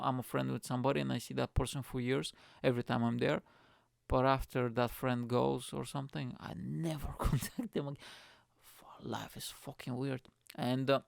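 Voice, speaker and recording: A man's voice: mid-range voice, gravelly, dry recording, clean studio sound. A male comedian hosting his own podcast, telling a rambling, profane, self-mocking story in a casual monologue.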